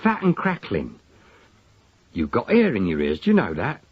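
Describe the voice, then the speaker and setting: A man voicing a truculent middle-aged Cockney manservant with a husky, grumbling, slangy delivery, on a dull lo-fi recording. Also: fairly low pitch, wildly swooping pitch, normal speed, no echo, heavily acted. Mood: coaxing.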